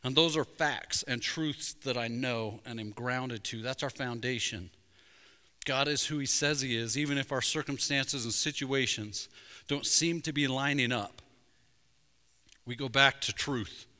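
A man preaching a sermon as pastor, conversational with jokes, rising to loud emphasis at points. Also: medium pitch, unhurried. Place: church sanctuary. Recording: reverberant church sanctuary.

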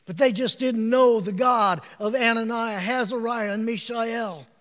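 A man preaching an emphatic sermon, calling out to his listeners for responses and breaking into shouts. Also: very high voice, steady tone, unhurried, long reverb tail.

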